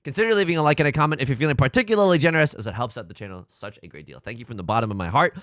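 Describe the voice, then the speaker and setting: A young man giving jokey, excitable commentary over a mahjong game he is playing, breaking into sudden outbursts. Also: mid-range voice, racing, dry recording, studio quality. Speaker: gaming YouTuber and commentator. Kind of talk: mahjong let's play commentary.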